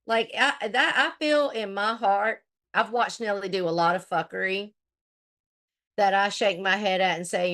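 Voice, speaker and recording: A woman's voice: medium pitch, measured pace, a bit bright. Blunt, foul-mouthed middle-aged woman. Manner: blunt, profane, trash-talking. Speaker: host. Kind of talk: casual commentary chat.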